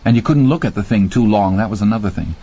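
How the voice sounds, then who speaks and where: A man with a husky voice narrating a horror audiobook with slow, dramatic pacing. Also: on the low side, expressive, warm tone. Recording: dull lo-fi audio.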